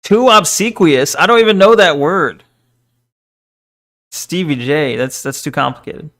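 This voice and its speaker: A man's voice: on the high side, lively intonation, measured pace, a bit bright. A young man streaming, casually chatting with his viewers in a jokey, self-deprecating way, swearing and laughing often. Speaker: VTuber streamer. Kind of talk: casual chat reading stream chat.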